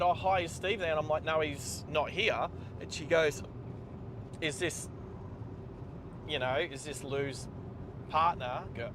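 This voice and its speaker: A middle-aged Australian man telling a personal story while he drives, speaking in a halting way with many pauses and restarts. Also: fairly high pitch. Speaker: host of a live driving stream. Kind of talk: casual storytelling while driving. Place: inside a car on the road. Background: car and road noise.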